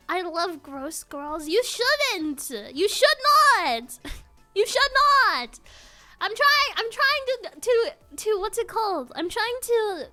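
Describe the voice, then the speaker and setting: A woman's voice: very high voice, pushed and bright. A woman streamer chatting casually to her viewers, giggling often and mocking herself with joking asides. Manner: giggly, self-mocking, jokey rambling.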